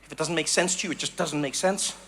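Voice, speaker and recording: A man from Africa, doing animated live stand-up comedy and storytelling. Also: fairly high pitch, fast, a little hiss or hum. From South Africa. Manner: animated storytelling, acts out voices.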